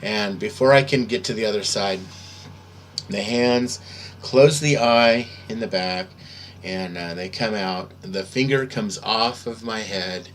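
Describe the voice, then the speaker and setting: A man with a lowish voice tells his story earnestly. He pauses often and fills gaps with hesitant sounds as he recounts what he saw. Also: slight background noise. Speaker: testimony speaker. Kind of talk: earnest first-person storytelling.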